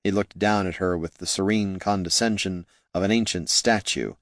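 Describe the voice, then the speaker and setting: A man narrating a fantasy novel in a steady, measured way. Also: low-pitched, no echo, studio quality. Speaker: audiobook narrator.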